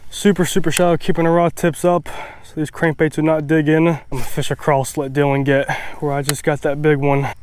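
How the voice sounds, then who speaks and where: A young man filming a fishing vlog outdoors at a pond, excitable and chatty, often repeating himself and saying "y'all". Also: on the high side, brisk, hardly any pauses, slight background noise. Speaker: fishing vlogger. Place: outdoors at a shallow pond bank.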